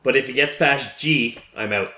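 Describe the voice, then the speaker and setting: A man's voice: medium pitch, normal speed, sharp tone. A man hosting a casual beer podcast, reading listener tweets and laughing easily. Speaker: podcast host. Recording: roomy echo.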